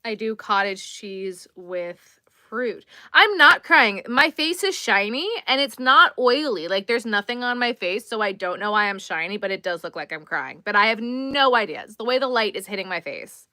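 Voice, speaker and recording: Tired woman streamer, bright tone, dry close sound, easygoing chat while crocheting. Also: mid-range voice, animated, normal speed, dry recording. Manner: chatty, easygoing, responds to viewers while crocheting. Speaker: crochet livestreamer. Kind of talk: casual livestream chat, reading chat comments.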